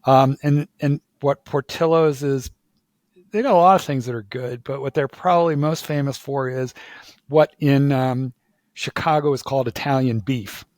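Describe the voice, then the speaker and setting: A man from Philadelphia chatting casually in an interview, telling a lively story full of repeated "like"s and restarts. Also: medium pitch, moderate pace, no room sound. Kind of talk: casual conversation.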